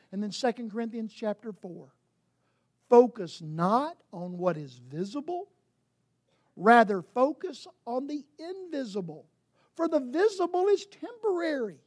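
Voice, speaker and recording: A woman's voice: fairly high pitch, a little mellow. A woman preaching a sermon, emphatic, asking rhetorical questions and sometimes restarting mid-sentence.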